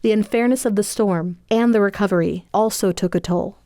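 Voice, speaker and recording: A woman giving measured, scripted documentary narration. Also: mid-range voice. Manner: measured, even delivery.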